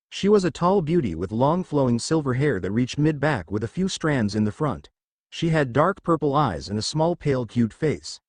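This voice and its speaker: Male narrator, mid pitch, animated reading, dry close mic. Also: normal speed, no room sound. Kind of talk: reading fan fiction aloud.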